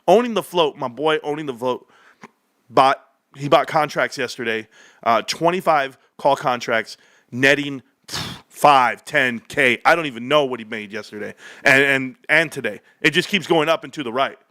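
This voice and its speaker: A man hosting a stock market livestream, talking in an excitable, joking, rambling rant. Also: medium pitch, normal speed, dry recording, studio quality. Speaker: stock market stream host.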